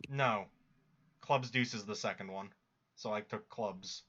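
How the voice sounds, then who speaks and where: Guy explaining lore to friends, matter-of-fact, bright forceful voice, dull lo-fi audio. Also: on the low side, measured pace, husky. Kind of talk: casual chat. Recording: lo-fi muffled mic.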